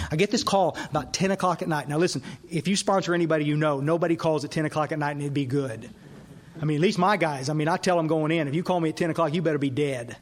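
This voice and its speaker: Man speaking at a recovery workshop, lively storyteller who voices the people in his story, slightly high voice. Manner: animated storyteller, acts out dialogue. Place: workshop hall.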